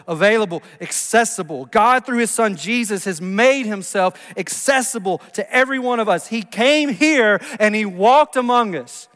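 Male pastor, high-pitched, preaching in a reverberant hall with sharp drops to a hush. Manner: swings from loud emphasis to hushed near-whispers. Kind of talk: sermon. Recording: long reverb of a large hall.

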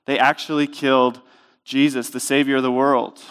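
A male pastor delivers a sermon from a church stage microphone. His voice is smooth and resonant, at an ordinary pitch for a man. He preaches conversationally and with emphasis, leaning on rhetorical questions. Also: level tone, moderate pace, fairly bright tone.

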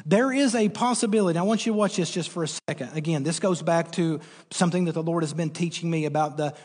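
A man preaching a sermon, earnest and emphatic, repeating key words and pausing on fillers as he explains a verse. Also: fairly high pitch, darkish tone, slightly rough, big-room sound. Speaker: pastor.

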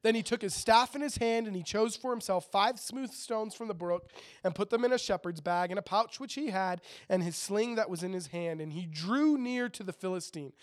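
A man preaching in a relaxed, chatty way, reading scripture aloud and breaking off for joking asides to his listeners. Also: high-pitched, moderate pace. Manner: chatty, jokey asides to the audience. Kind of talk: casual sermon with scripture reading.

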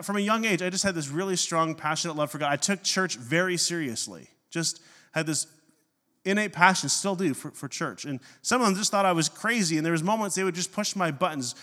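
A middle-aged man, a pastor, preaching a sermon and telling a personal story with self-mocking humor and animated swings in his delivery. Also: sits high. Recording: long hall reverb.

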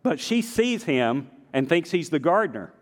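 Pastor with a slight Southern accent. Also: male voice, on the high side, big pitch swings, moderate pace, in a large hall. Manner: emphatic preaching, swinging to quiet storytelling asides. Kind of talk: sermon. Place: church sanctuary.

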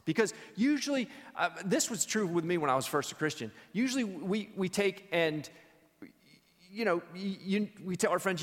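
A man teaching a church Bible study in a conversational, animated storytelling way. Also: high voice, brisk, in a large hall.

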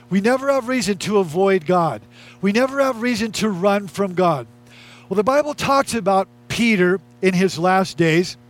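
Brief: male pastor, high voice, casual but emphatic sermon delivery with lots of repetition. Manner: conversational, emphatic preaching with repetition.

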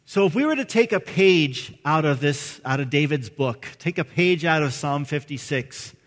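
Middle-aged male pastor, high and earnest, preaching in a church with a long echo. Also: animated, moderate pace. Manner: earnest, conversational, frequent "right?" asides. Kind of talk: sermon. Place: church sanctuary.

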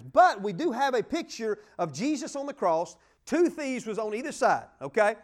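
A man delivers a sermon in a strikingly high voice that swings wildly up and down. He is exuberant, throwing questions out to the congregation and shouting praises. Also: very animated, moderate pace, few pauses. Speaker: preacher.

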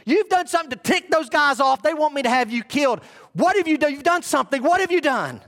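A rattled Roman governor pours out questions in a raised, higher voice, as a preacher acts him out in a sermon. He sounds thrown off balance, and each question comes fast on the last one. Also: huge pitch swings, fairly bright tone, heavily acted. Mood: agitated. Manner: rapid-fire anxious questioning. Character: agitated Roman governor, middle-aged man.

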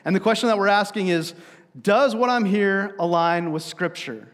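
A pastor with a high-sitting voice preaches a sermon at normal speed, the sound carrying a big-room quality. He tells stories conversationally, with frequent fillers and restarts.

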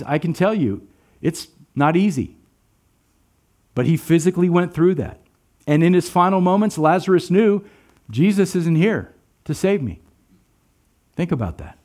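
A man's voice: on the high side, darkish tone. A man preaching a sermon, earnest and emphatic, asking his listeners rhetorical questions. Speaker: pastor.

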